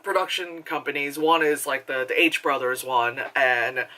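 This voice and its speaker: Bright-voiced rambling woman reviewer. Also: extremely low pitch, normal speed. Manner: rambling, filler-heavy, swears casually, laughs often. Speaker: movie reviewer. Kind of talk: casual rambling movie review.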